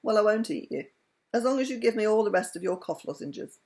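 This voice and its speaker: A hoarse, sickly dragon speaks gruffly, as a woman reading a storybook puts him on. The voice is gravelly and rough. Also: medium pitch, animated, brisk, darkish tone, voice pushed up, lightly acted. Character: hoarse sick dragon, gruff but soft.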